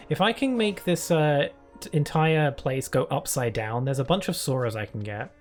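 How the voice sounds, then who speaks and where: Chatty British man, slightly high voice. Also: animated, moderate pace, faint music behind. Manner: chatty, rambling, giggly. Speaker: streamer. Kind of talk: casual gameplay commentary.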